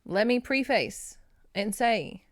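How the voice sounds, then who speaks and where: A woman's voice: a little high, slow pace, dry recording, studio quality. Chatty Louisiana Southern woman host. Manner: rambling, excitable, laughs often, talks straight to viewers. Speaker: book review channel host. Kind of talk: casual chatty monologue to camera.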